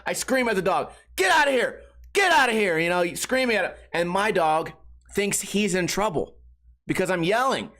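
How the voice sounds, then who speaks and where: High-voiced man ranting profanely. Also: sharp tone. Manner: profane, exasperated, emphatic. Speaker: podcast host. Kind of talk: casual storytelling rant.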